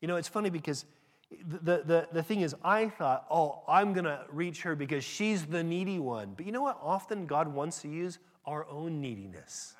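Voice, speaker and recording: A man's voice: fairly high pitch, expressive, moderate pace. A man preaching a sermon in a conversational, emphatic way, often restarting his phrases. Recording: long hall reverb.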